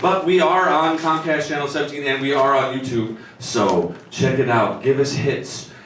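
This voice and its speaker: A man's voice: mid-range voice, moderate pace, a bit bright. A man hosting an open mic night in a small cafe, delivering playful, mock-grandiose emcee banter. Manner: theatrical, mock-grandiose pronouncements. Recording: roomy, distant mic, background noise.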